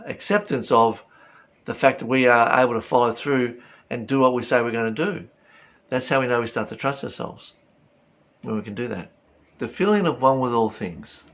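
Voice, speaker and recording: A man's voice: mid-range voice, a bit bright. A man giving a reflective spiritual talk, earnest and full of rhetorical questions. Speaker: spiritual teacher.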